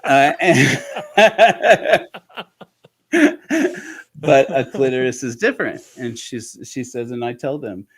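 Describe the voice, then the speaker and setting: A man of ordinary pitch speaking as an interview guest. He tells his stories candidly and with animation, often stopping and restarting sentences as he goes. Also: normal speed, hardly any pauses. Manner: frank, animated, with frequent restarts. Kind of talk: candid conversational storytelling.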